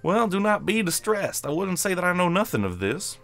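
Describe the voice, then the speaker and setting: Brief: composed young female guide, measured and formal, voiced by a man. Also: high voice, gravelly, faint music behind, voice pushed up, full character voice. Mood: steady. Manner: calm, formal phrasing.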